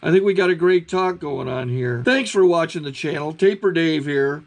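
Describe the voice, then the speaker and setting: A man's voice: on the high side, normal speed, soft background music. A man hosting his channel, chatting casually and explaining step by step from inside his truck cab. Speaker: channel host. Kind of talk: casual vlog.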